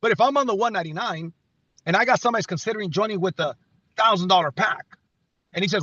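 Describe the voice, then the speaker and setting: A man's voice: high voice, quick pace, pushed and bright, husky, no room sound, dull audio. A man leading a team call with an emphatic motivational pep talk, repeating phrases and restarting sentences. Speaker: company leader on a team call.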